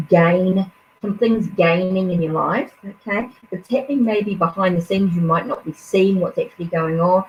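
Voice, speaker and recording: A woman hosts a live tarot reading and speaks in a low, unhurried voice. She muses aloud, trailing off and restarting often. The stream audio is dull and lo-fi, with a faint hiss underneath. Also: a little mellow. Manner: musing, hesitant, many fillers and restarts. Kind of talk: live card reading, casual.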